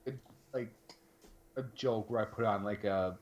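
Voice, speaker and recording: A man's voice: lowish voice, moderate pace, dull audio, a little hiss or hum. A man co-hosting a live stream, talking in a rambling, casual way with plenty of fillers. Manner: rambling, conversational, lots of fillers. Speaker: podcast co-host.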